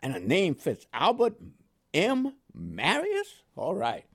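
A man's voice: sits high, slow pace, slightly rough. An older man from Panama with a New York accent touched with West Indian tones, telling his memories as a veteran in an oral history interview, laughing often and acting out dialogue. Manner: lively storyteller who laughs often and acts out dialogue.

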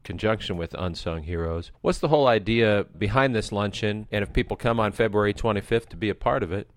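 A man interviewing a guest, asking questions in a brisk, polished way. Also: on the low side.

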